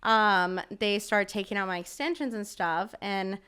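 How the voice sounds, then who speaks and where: A woman's voice: medium pitch, unhurried, pushed and bright, smooth. A woman guest on a podcast telling a story in a casual, chatty way, filling her talk with "like" and swearing freely. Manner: chatty, filler-heavy with frequent "like", swears freely.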